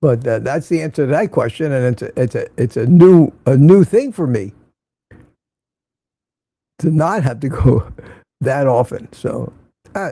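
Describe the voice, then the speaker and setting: Gravelly older man, relaxed livestream host. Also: mid-range voice, unhurried, long pauses, no echo. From Central Florida. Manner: rambling, reads viewer comments aloud. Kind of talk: casual morning livestream chat.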